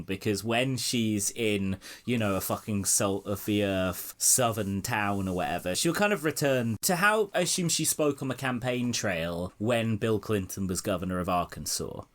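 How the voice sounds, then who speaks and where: A man's voice: lowish voice, normal speed, hardly any pauses. A man hosting a casual political chat, sardonic and swearing freely. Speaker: podcast host.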